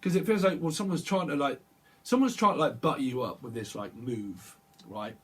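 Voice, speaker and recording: A man's voice: mid-range voice, normal speed, slightly rough. A man, giving a tarot reading in a rambling, jokey way and acting out little dialogues. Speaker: tarot reader. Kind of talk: casual chat, tarot reading.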